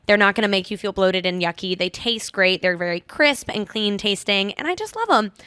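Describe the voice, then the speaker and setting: A woman's voice: medium pitch, animated, brisk, bright, forceful tone, clear, resonant tone, no echo, studio quality. A young woman hosting a podcast, chatty and self-mocking. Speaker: podcast host. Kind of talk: casual chat.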